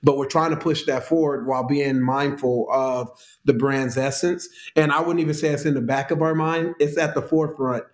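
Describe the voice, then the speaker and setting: A man's voice: medium pitch, steady tone, moderate pace. A man with a Southern US accent speaking as an interview guest, friendly and laughing as he tells anecdotes. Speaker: restaurant executive guest. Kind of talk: casual interview chat. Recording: roomy echo.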